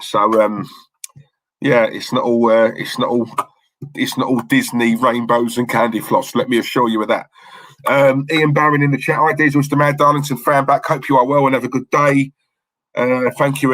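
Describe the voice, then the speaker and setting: A man's voice: mid-range voice, a bit bright, no echo, rough recording. Laddish London-Essex man, dry sound. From London area, England. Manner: laddish, jokey, says mate a lot. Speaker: livestream co-host reading chat. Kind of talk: casual live chat.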